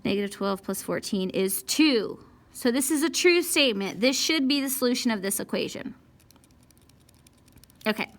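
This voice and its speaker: A woman's voice: a little high, lively intonation, moderate pace, long pauses. A woman teaching a math lesson step by step, who scolds herself over mistakes, talks to the equations, and sighs and whispers when frustrated. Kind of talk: recorded math lesson walkthrough.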